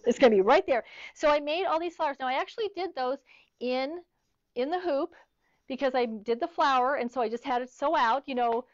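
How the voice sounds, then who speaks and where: A woman's voice: high voice, a little fast, no echo, muffled recording. A middle-aged woman teaching an online sewing class, chatty, telling stories as she demonstrates. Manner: chatty, storytelling asides. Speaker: sewing instructor.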